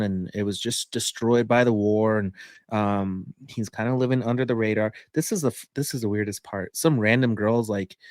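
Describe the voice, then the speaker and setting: A man's voice: lowish voice, no echo, clean studio sound. A man co-hosting a podcast, reviewing a movie in casual, enthusiastic chat full of fillers. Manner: rambling, enthusiastic, many fillers.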